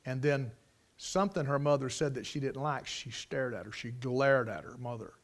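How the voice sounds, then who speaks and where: A man preaching a sermon, moving from quiet storytelling to loud, emphatic preaching. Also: medium pitch, moderate pace.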